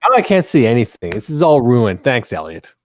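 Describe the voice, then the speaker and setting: A man's voice: mid-range voice, big pitch swings, brisk, no room sound. A man co-hosting a casual chat, easygoing.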